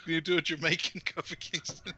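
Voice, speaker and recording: A man's voice: a little high, level tone, a little fast, sharp tone, breathy edge. A man co-hosting a podcast in casual chat, dry and teasing, egging his partner on. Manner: dry, teasing, laughs along. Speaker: podcast co-host.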